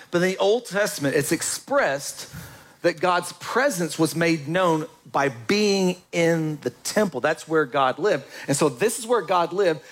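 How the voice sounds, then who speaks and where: A man preaching a sermon in a church, lively and joking with the congregation. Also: on the high side. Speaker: pastor.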